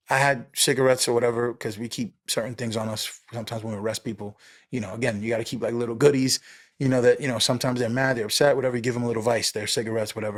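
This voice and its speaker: A fast-talking former police officer from New York City shares a story on a podcast in a medium-pitched voice. He keeps it casual and animated, throwing in "you know", "right?" and a swear now and then.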